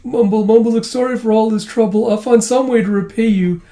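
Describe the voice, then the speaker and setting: Forgetful old man, high and thin, doddering and mumbling , put on by a man reading a comic aloud. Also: steady tone, brisk, dark tone.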